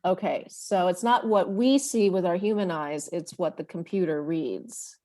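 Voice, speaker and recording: A woman's voice: lowish voice, unhurried, dark tone. A woman taking part in a workshop over a video call, asking questions and restating points to check she understands. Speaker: workshop participant.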